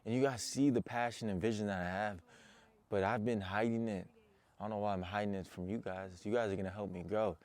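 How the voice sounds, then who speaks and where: A man's voice: lowish voice, fairly even intonation, fairly quick, a little mellow. A young man, a motivational coach, talking earnestly and intensely straight to his viewers. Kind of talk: personal motivational talk to camera.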